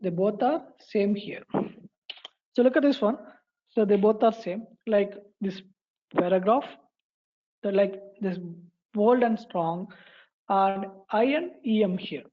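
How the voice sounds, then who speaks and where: A woman walking through a coding tutorial, pausing and repeating phrases as she types. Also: medium pitch, dull audio. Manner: halting, repeats phrases while typing. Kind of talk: screen-recorded coding tutorial.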